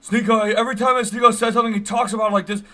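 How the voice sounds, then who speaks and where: A man mockingly imitating a loud young male streamer who yells every single word with punchy emphasis. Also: high-pitched, expressive, a little slow, full character voice. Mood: mocking, shouting.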